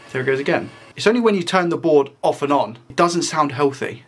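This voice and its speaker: A man's voice: medium pitch, creaky. A young man casually talking viewers through a console repair in a chatty, upbeat way. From United Kingdom. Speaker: tech repair YouTuber.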